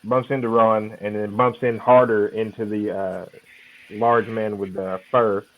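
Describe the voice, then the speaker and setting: A man playing a tabletop game, describing his character's actions in a deliberate, hesitant way. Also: fairly low pitch, little pitch movement. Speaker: player. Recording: dull lo-fi audio.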